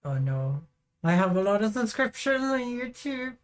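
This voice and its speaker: A woman's voice: a little high, sing-song, normal speed, smooth. A woman from Sweden livestreaming in a loose, rambling way. She giggles often and swears without a second thought as she chats with her viewers. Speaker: streamer. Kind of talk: casual livestream chat.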